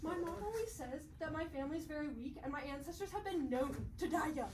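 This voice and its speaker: A woman's voice: high voice, expressive, brisk, background noise. A woman playing a timid, melodramatic young cave woman on a live stage, whining and panicking. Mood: panicky. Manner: whiny, panicky, over-dramatic. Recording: roomy theatre heard from far off.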